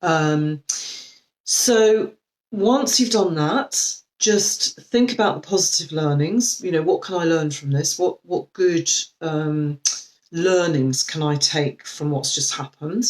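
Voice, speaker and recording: A woman coach giving a live video talk, speaking gently and reflectively with frequent ums and restarts. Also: sits low, rough recording. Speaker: life coach.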